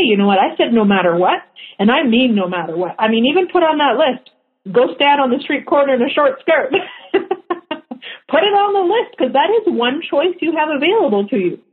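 A woman teaching a class in a chatty way, often laughing at her own jokes. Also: a little high. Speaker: workshop facilitator. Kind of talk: teaching talk. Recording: tinny phone-line sound.

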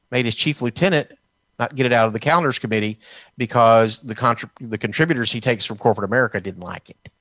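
A man's voice: medium pitch, fairly bright tone, no echo. A man from Texas giving a heated political talk, combative and sarcastic, mocking officials as he goes. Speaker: political commentator.

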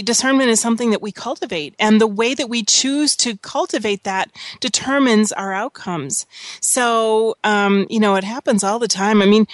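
A woman's voice: fairly high pitch, no echo. A woman co-hosting a reflective talk show, speaking conversationally and quoting sayings. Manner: conversational, quotes sayings, light laughter. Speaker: podcast co-host. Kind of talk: reflective casual chat.

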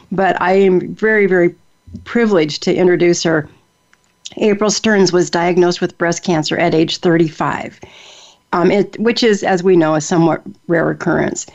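A woman's voice: on the low side, a little mellow. Earnest woman host, lo-fi sound. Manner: earnest, personal, with fillers and restarts. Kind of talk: casual talk show hosting. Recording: dull lo-fi sound.

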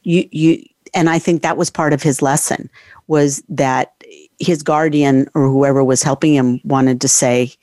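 Low voiced lady host, earnest, thoughtful, dry sound. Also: steady tone, unhurried, darkish tone, no echo. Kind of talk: casual chat.

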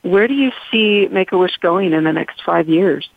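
A woman's voice: on the low side, moderate pace, creaky, husky, no room sound. A woman co-hosts a radio interview and asks questions in an upbeat way. Her voice comes through thin and narrow, as if over a phone line. The sound is dry, with no room around it. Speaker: co-host.

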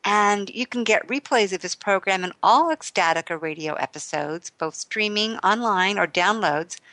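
A woman's voice: mid-range voice, normal speed, bright, forceful tone, no room sound, rough recording. A woman hosting a radio talk show and interviewing a guest, reacting often and keeping the talk moving.

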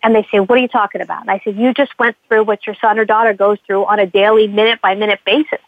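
A woman's voice: medium pitch, level tone, very fast, no room sound. A woman counselor telling stories with animation, acting out the voices of the people she works with. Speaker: addiction counselor. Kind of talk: conversational interview talk. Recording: tinny phone-like line, dry.

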